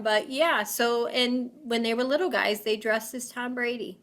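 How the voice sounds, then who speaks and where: Bright, animated woman telling her story. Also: on the high side, moderate pace, few pauses. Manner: animated, lots of fillers, acts out quoted voices. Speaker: guest. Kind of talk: storytelling in an interview.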